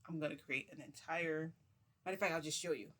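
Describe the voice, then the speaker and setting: A man voicing a menacing, vengeful male villain who makes low threats. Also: quick pace, sharp tone. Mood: calm.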